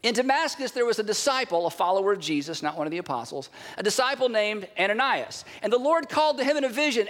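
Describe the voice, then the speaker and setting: A man with a high voice preaches to his congregation in a large church, his words trailing into a long hall reverb. He delivers the sermon in an animated way, pausing for effect and acting out the quotes. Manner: animated preaching with dramatic pauses and acted quotes. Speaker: pastor.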